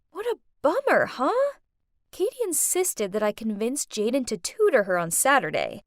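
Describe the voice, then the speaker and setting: Young woman narrator, bouncy teen storyteller, up and down pitch, dry close mic. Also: dry recording. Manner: lively, chatty teen-girl storytelling with quick pitch jumps. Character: chatty teenage girl narrator. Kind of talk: first-person animated story narration.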